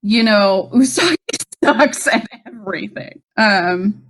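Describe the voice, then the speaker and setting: A woman's voice: medium pitch, expressive, slow pace. A woman co-hosting a casual podcast, recapping an episode with frequent laughs and swearing. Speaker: podcast co-host. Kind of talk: casual rewatch chat.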